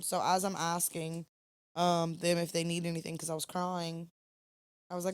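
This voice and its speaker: A woman's voice: fairly low pitch, level tone, moderate pace, clean tone, no echo. Tired woman telling a story. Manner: chatty, rambling storyteller with fillers. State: tired, yawning at 2 AM. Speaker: podcast co-host. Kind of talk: casual late-night storytelling.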